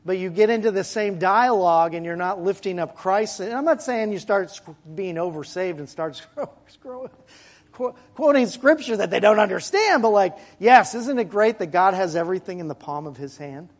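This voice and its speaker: High-voiced man preaching conversationally. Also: normal speed, hardly any pauses. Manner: conversational preaching with asides and laughs. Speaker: pastor. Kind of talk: sermon. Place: church sanctuary.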